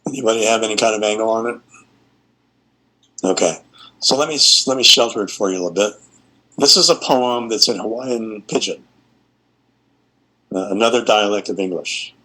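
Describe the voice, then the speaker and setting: A man giving a university lecture over a video call, speaking in a measured way with frequent fillers. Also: lowish voice, bright, forceful tone, poor audio. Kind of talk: online class lecture.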